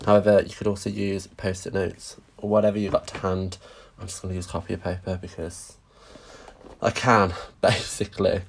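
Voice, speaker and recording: A man's voice: low voice, flat delivery, normal speed, gravelly. A man chatting casually through a live-stream stamping craft demonstration, greeting viewers and making self-deprecating asides.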